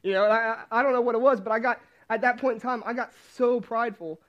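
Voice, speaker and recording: A man's voice: extremely high pitch, steady tone, quick pace. A young man giving a casual sermon, telling a personal story in a chatty, self-deprecating way with many restarts. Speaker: youth pastor. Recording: dull lo-fi recording.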